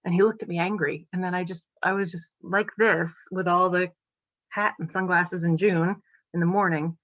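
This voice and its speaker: A woman's voice: lowish voice, fairly even intonation, moderate pace, a bit bright, no room sound. A woman in her forties from New England with a Boston-area accent, a podcast guest telling her recovery story with feeling and many ums. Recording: dry, dull lo-fi audio.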